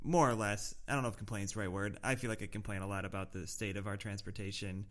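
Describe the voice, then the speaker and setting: A man's voice: lowish voice, steady tone, fast talker. A man from the States co-hosting a travel podcast, chatting casually and teasing his co-host, often restarting his sentences. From United States. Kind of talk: casual chat. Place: living in Germany.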